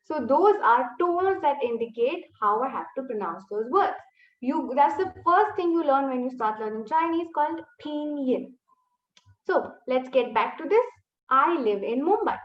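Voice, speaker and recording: Woman language teacher on a video call, high animated voice, slow patient delivery, echoey dull stream audio. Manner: slow, drawn-out modelling of tones for repetition. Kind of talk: live online language lesson.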